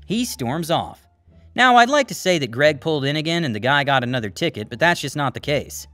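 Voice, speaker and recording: A man narrating a story in a wry, lively style. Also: on the high side, brisk, no room sound, soft background music.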